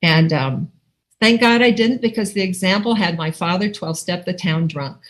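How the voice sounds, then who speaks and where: Middle-aged woman from Iowa, lowish voice, lively testimony, laughs a lot, video-call mic. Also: normal speed, poor audio. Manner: animated storytelling with frequent laughs and acted-out quotes. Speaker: recovery meeting speaker. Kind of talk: personal testimony. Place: home, online video call. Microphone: video call microphone.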